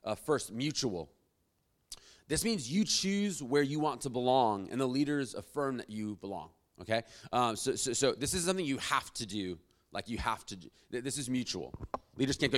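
Animated man preaching a sermon. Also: medium pitch, normal speed. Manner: animated, swinging between loud emphatic lines and quiet asides. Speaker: pastor.

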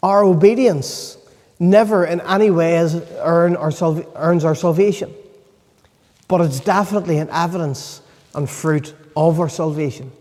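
A man delivers a sermon in a high but mellow voice. He speaks earnestly and with emphasis, pausing to let points land. The sound rings with the long reverb of a large hall. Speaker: preacher.

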